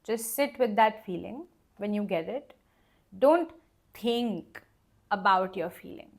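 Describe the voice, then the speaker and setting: A young woman talks through a tarot reading in a soft, unhurried, rambling way. She fills her sentences with fillers and small laughs as she thinks aloud. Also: medium pitch, animated. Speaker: tarot reader. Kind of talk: casual spoken tarot reading.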